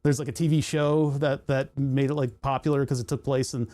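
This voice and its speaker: Streamer from Pennsylvania, mellow mid-pitched voice, rambling and tangential casual chat. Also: steady tone, brisk. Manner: rambling, tangent-prone, self-interrupting. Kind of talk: casual live-stream chat while working on a computer.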